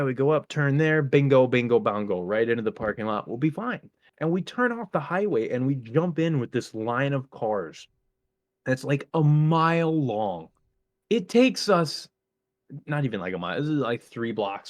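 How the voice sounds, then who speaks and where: A young man from the Midwest talks on a casual chat podcast at a middle pitch. He tells stories in a loose, animated way, and his voice climbs sharply whenever he gets annoyed. Between rants he talks in a relaxed, easygoing tone. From American Midwest. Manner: animated ranting, voice jumps up when angry. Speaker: podcast co-host.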